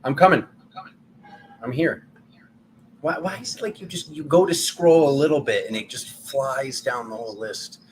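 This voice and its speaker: Man, mid-pitched, rambling live-stream tarot reader, self-mocking, faint hum behind. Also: normal speed, long pauses, poor audio. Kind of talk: casual live-stream chat.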